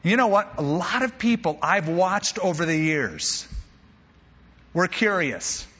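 A pastor delivers a slow sermon in a bright, lively voice that climbs a little high and turns slightly husky at the edges. He's an animated storyteller with playful, humorous asides, captured in dull, lo-fi sound with a long hall reverb.

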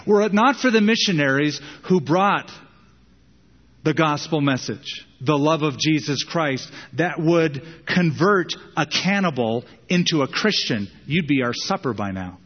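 A man voicing an old tribal chief in a sermon story, speaking slowly and emphatically with his pitch raised. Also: lively intonation, in a large hall, lo-fi sound. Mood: emphatic. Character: old tribal chief, calm, stern, proud.

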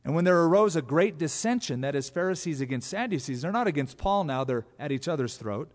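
A pastor preaching an expository sermon, animated, acting out quotes from scripture in different voices. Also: male voice, a little high, brisk. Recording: long hall reverb.

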